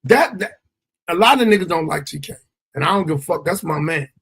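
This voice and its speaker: A man's voice: a little high, animated, fairly quick, creaky, fairly bright tone, slightly rough. A man hosting a podcast, chatting loosely with profanity and frequent stammered restarts. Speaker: podcast host. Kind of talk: casual podcast chat.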